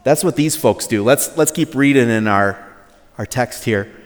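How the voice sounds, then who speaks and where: A pastor preaching a sermon in a relaxed, conversational way, joking with the congregation and acting out quotes in a higher voice. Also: male voice, measured pace. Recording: long reverb of a large hall.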